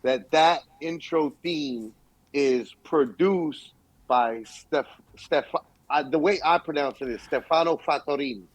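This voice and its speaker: A young man co-hosting a podcast in casual chat, telling stories with lively acted-out quotes. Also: on the high side, unhurried, no room sound, rough recording. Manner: animated storytelling, acts out quotes. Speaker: podcast co-host.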